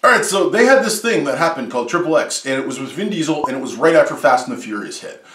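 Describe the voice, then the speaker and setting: Lively jokey guy ranting about bad sequels, kinda high voice, roomy echo. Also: quick pace, recorded from a distance, a little hiss or hum. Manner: animated, sarcastic, jokey asides. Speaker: movie reviewer, host. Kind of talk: comedic top-list commentary.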